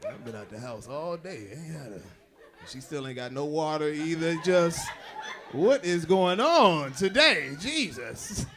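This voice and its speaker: A man's voice: a little high, big pitch swings, a little slow, a bit bright. A man hosting a comedy show, teasing the acts and crowd with loose, laughing banter. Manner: playful, teasing, laughs between jokes. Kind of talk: emcee banter.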